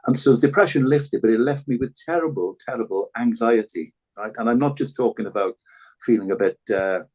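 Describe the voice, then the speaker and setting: This is a former rugby fullback from Wales, now older, musing as a podcast guest in reflective interview style. His medium-pitched voice has a darkish color and moves fairly quickly, with plenty of repeated words and restarts.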